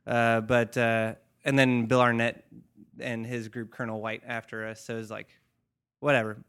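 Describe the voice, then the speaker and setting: A man with a smooth, clear voice talks through a podcast story. He rambles, leans on "you know" and "like", and drops dry, sarcastic remarks. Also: mid-range voice, little pitch movement, normal speed, fairly bright tone. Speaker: podcast co-host. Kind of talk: casual chat.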